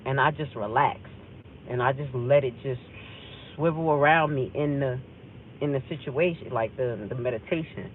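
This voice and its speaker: Speaking in a very deep voice at normal speed, a woman tells an emotional personal story on her livestream, rambling intensely and playing out remembered dialogue. The sound is tinny and phone-like, with a little hiss or hum.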